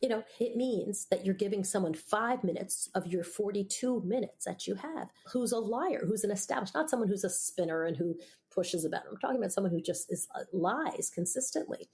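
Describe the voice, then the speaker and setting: A middle-aged woman, a broadcast journalist, talking candidly as a guest in an interview, opinionated and quick to laugh. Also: medium pitch, darkish tone. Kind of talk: conversational interview.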